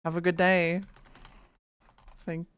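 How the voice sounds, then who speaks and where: A woman's voice: fairly low pitch, flat delivery, slow pace, clean tone. A woman streamer chatting in a playful, teasing and goofy way during a live stream on a desk mic. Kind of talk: casual live-stream chat.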